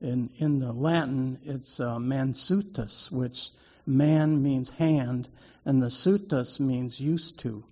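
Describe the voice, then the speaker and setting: A man telling a personal story to draw out a lesson, in a halting way with many repeated words and restarts. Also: mid-range voice, steady tone, mellow. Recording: dull lo-fi recording.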